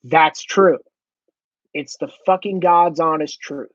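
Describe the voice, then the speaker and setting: A man's voice: a little high, slow, no echo, lo-fi sound. A man in a blunt, profane ranting monologue, swearing heavily for emphasis. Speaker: commentator.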